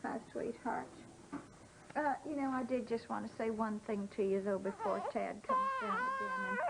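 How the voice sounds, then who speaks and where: Brief: older soap mother-in-law, martyred and wheedling, higher voice, swoopy melodramatic delivery, noisy broadcast audio. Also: very animated, normal speed, creaky. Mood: self-pitying. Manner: wheedling, melodramatic, tearful quaver. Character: self-pitying older mother-in-law, guilt-tripping and fussy. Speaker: soap opera actress. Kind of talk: daytime soap acting.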